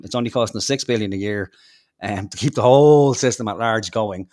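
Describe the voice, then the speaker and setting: A low-pitched Irish man, heated and foul-mouthed as he rants about politics on his podcast. His delivery is sarcastic and mocking, and the recording is dry and close, with almost no room sound. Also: brisk, darkish tone, dry recording. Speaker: podcast co-host. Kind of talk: casual political rant.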